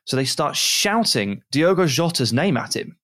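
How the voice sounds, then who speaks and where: A man's voice: medium pitch, sing-song, normal speed, fairly bright tone. A man co-hosting a podcast, telling a travel anecdote in casual chat and mimicking voices in quotes. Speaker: podcast co-host.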